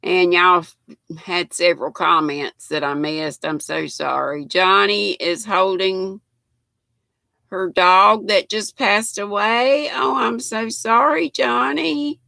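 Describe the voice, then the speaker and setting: An older Southern woman, slightly hoarse, hosting a live stream in an unhurried, chatty way. Her voice is bright and gravelly, and it sits close in a dry space with no echo. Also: lowish voice. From United States. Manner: chatty, reading viewer comments aloud. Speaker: host.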